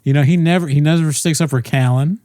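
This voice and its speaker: A man's voice: a little high, fast, warm tone, dry recording, studio quality. A man co-hosting a comedy podcast, ranting in casual profane chat with frequent restarts. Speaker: podcast co-host.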